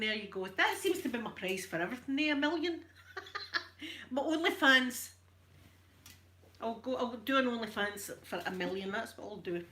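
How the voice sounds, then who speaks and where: Bright-voiced chatty Scottish woman. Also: medium pitch, a little hiss or hum. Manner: chatty and joking, laughs often. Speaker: ASMR creator. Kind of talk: casual ASMR chat while ironing.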